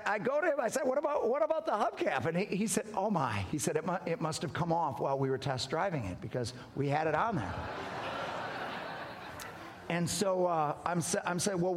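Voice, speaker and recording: A man preaching with a lively, high voice that swings up and down as he acts out the people in his story. The long reverb of a large hall trails each line. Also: a little hiss or hum. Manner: animated, wide swings in pitch and loudness, acts out dialogue. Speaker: pastor. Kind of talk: storytelling sermon.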